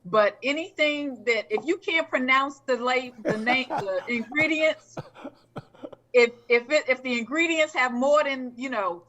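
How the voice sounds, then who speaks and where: A woman with a bright, crisp voice that sits slightly high gives measured advice in a casual chat. She pauses and hesitates a little as she speaks. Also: poor audio.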